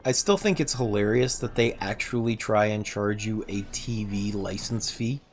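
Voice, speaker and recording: With soft music playing behind him, a man streams gameplay at a moderate pace, chatting casually and joking with his chat. He mutters to himself as he plays, sinking to low muttering when the game demands focus.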